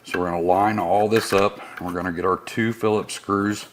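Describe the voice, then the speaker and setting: With a low, steady voice and a brisk delivery, a male technician casually talks through fitting a motorcycle part step by step in his workshop. It's a friendly how-to demonstration, and a little hiss or hum is audible.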